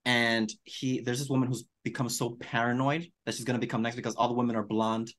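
A man co-hosting a podcast in casual chat, animated and campy, calling people darling. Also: mid-range voice, fast talker. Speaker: podcast co-host.

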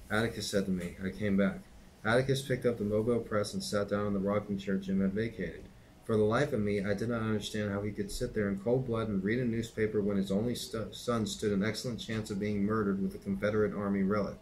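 Low-voiced middle-aged man reading aloud. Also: a little hiss or hum, low-quality recording. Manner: steady, unhurried reading, casual asides. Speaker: reader and teacher.

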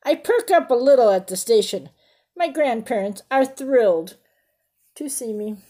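A woman's voice: a little high, expressive, measured pace, mellow. A woman reading a picture book aloud to children, stopping often to ask about the pictures and explain fancy words. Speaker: storybook reader.

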